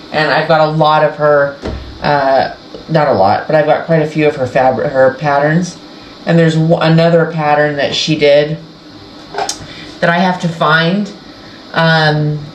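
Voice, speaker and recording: A woman hosting a sewing channel, chatting casually and rambling as she shows her quilting project. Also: sits low. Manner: rambling, self-interrupting, chatty. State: tearful, emotional. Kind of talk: casual sewing vlog chat. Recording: echoey room with faint background noise.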